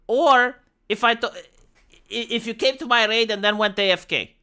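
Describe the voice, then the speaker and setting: A Romanian-accented streamer and former raid leader rants bluntly on a casual livestream about leading raids, swearing plenty and staying animated. His voice is medium-pitched, smooth and moderately paced.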